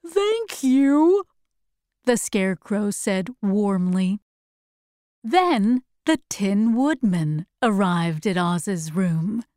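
A woman narrating a storybook in a slow, clear, expressive read-aloud. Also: medium pitch, dry recording, clean studio sound.

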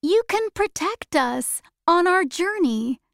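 A woman's voice: very high voice, lively intonation, slow, dry recording, studio quality, voice pushed up, exaggerated voice. A woman voicing a brave young girl who stands up for her dog and speaks earnestly to her friends. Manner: scolding, then kind.

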